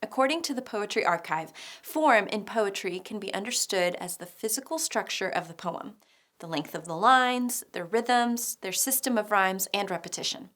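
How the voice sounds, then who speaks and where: A woman narrates a lesson on poetry in a clear, explanatory way. Her pitch sits in the middle of the range, and now and then a dry little joke slips in. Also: animated, normal speed, fairly bright tone. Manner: clear and explanatory, with light humor. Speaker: teacher. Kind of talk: scripted educational narration.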